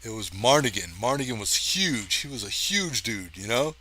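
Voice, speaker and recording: Man, story reader, lively dramatic delivery, chatty asides to listeners, bright forceful voice. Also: mid-range voice, moderate pace. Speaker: audiobook reader.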